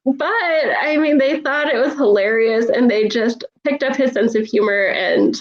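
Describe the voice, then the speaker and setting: A woman's voice: on the high side, normal speed, highs cut off. A woman who is an animal communicator, telling stories in a casual interview and laughing often.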